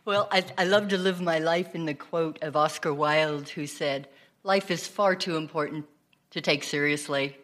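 A woman's voice: sits low, moderate pace, a bit bright. A woman in her sixties tells a joke to a group in a chatty storytelling way and laughs at her own punchlines. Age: 60s.

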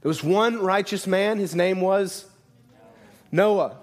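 A man's voice: high voice, slow. A man preaching a sermon in a conversational way, often asking "right?" and restarting his sentences. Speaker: pastor.

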